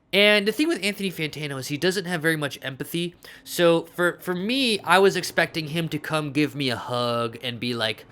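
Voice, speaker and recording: Deadpan man telling a mock-serious story. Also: on the high side, moderate pace, hardly any pauses. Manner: deadpan, self-important. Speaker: comedic vlogger.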